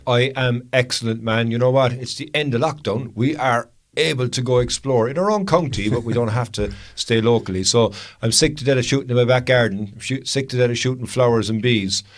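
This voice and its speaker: A man's voice: medium pitch, fairly quick, few pauses. An Irish man co-hosting a photography podcast, telling stories eagerly in casual chat. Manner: enthusiastic storyteller, says "man" and "you know".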